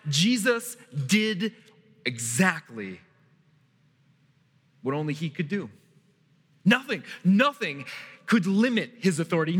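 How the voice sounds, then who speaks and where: A man preaching a sermon as pastor, emphatic, with dramatic pauses and repetition. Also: high-pitched, pushed and bright, breathy edge, big-room sound.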